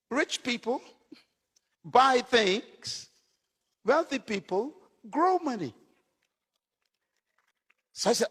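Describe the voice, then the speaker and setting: A man's voice: very high voice, a bit bright, in a large hall. A man preaching a sermon as a pastor, delivering short punchy phrases and telling stories to his congregation.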